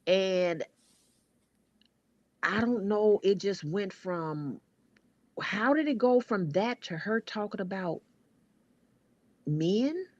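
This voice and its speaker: A woman at a middle pitch tells a story with blunt energy, cursing and circling back over her own words. Her voice comes through dull, lo-fi stream audio. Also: slow pace, pauses often, dry recording. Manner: animated, blunt storyteller who swears and repeats words. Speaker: stream co-host telling a story. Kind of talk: casual chat.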